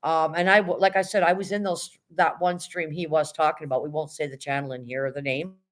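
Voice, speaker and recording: A woman's voice: low voice, steady tone, brisk. Blunt no-nonsense streaming woman. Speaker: live streamer greeting chat. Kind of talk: casual livestream chat.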